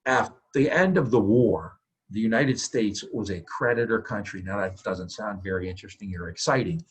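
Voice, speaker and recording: A male history professor lecturing in a low, husky voice. He talks conversationally, throws rhetorical questions at the class and tags points with "right?". He stumbles through "uh" and restarts, then punches key points louder. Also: moderate pace, rough recording. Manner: restarts and "uh" fillers, loud bursts on key points. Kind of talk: university lecture.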